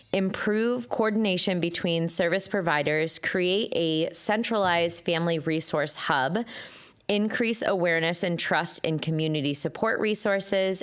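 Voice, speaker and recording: A woman on a school board reading out updates at a public meeting, in steady report style that speeds up at times. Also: fairly low pitch, clean tone.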